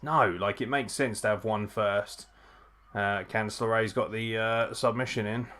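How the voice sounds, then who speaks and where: Reacting excitedly at a moderate pace, a young man runs a live wrestling watchalong in a voice on the low side. Frequent swearing comes with sudden laughs and shouts.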